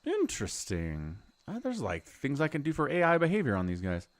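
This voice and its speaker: A man's voice: on the high side, huge pitch swings, quick pace, no echo. A middle-aged man streaming a role-playing game, chatting casually and rambling as he explains the story. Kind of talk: casual live-stream commentary.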